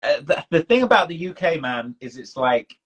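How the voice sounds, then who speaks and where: A man's voice: fairly high pitch, big pitch swings, moderate pace, fairly bright tone, slightly rough, rough recording. A man with a British accent, hosting a casual live-stream chat, talking in a loose, slangy way full of fillers and restarts. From United Kingdom. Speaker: documentary channel host.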